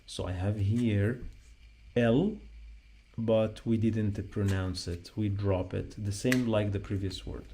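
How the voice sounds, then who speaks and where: Slow gravelly-voiced male teacher. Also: on the low side, steady tone, dark tone, slight background noise. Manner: repeats sounds patiently, spells them out while writing. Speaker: Arabic teacher. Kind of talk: slow spoken writing lesson.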